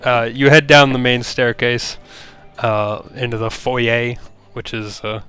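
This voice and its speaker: Bright-voiced man running a tabletop game. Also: medium pitch, level tone, clean tone, faint music behind. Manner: descriptive, with frequent filler pauses. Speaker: game master.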